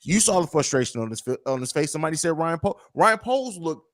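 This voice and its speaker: A man's voice: a little high, animated, fast, fairly bright tone, no room sound, studio quality. A man hosting a sports podcast, losing his voice and ranting with passion and repetition. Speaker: podcast host. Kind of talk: heated sports podcast talk.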